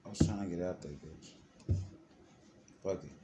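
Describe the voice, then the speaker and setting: A man vlogging, telling his own story in a heated, emphatic and profane way, his pitch swinging widely as he talks. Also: moderate pace. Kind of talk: casual storytelling to camera. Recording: clear background noise.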